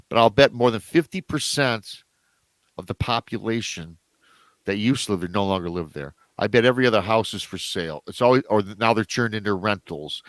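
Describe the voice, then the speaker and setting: A man telling a story as a podcast guest in a casual way, animated, jumping up in pitch whenever he acts out what others said. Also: dry recording. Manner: animated, acts out quoted voices with big pitch jumps.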